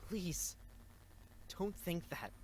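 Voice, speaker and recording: A man voicing a weary, wounded young captive who speaks in soft, hushed, gentle tones. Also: sits high, very animated, drawn-out words, a little hiss or hum, voice pushed up, heavily acted, low-quality recording. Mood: gentle, soothing.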